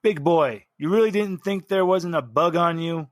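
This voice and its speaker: A man's voice: a little high, moderate pace, no echo, studio quality, voice pushed up, lightly acted. A man doing a cocky cyborg fixer. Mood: teasing. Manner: teasing, calls people big boy. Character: smooth cybernetic male fixer, cocky and playful.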